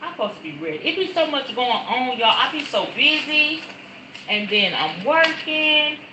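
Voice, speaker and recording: A woman's voice: high-pitched, sing-song, moderate pace, noisy background. A middle-aged woman hosting a casual spiritual livestream from home. She chats directly to her viewers, repeats her words and keeps saying y'all. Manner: chatty, repeats words, often says y'all. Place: at home, in front of a decorated backdrop.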